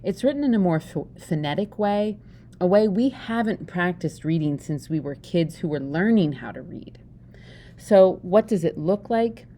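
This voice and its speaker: Woman w/ pennsylvania dutch accent doing a jokey chatty lesson, lowish mellow voice. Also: expressive, moderate pace, slight background noise. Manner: chatty, joking, asks the listener questions. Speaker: teacher. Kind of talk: informal video lesson.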